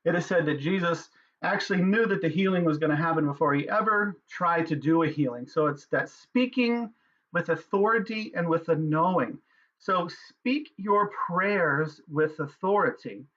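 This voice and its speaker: Earnest man teaching, slightly high voice. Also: a bit bright. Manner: earnest, measured, with pauses and fillers. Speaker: spiritual teacher. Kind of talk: spiritual teaching talk. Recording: dull lo-fi sound.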